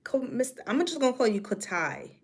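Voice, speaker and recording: Casual, chatty woman with a New York accent, lively pitch, livestream host. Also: a little fast. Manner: chatty, animated, drifts between topics. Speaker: livestream host reading comments. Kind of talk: casual chat.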